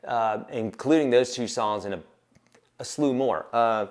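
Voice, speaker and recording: A man's voice: mid-range voice, a little slow. A man teaching guitar on a livestream, talking casually and encouragingly and counting beats aloud.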